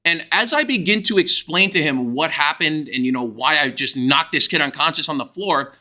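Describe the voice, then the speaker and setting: Bright, brash young man telling a story. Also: on the high side, moderate pace. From United States. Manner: crude, swearing, excitable. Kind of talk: animated storytime vlog.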